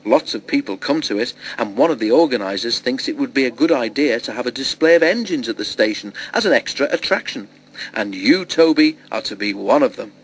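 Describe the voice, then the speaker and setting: A man reading a storybook, voicing an excited male engine driver explaining a plan. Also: mid-range voice, brisk, breathy edge. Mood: eager.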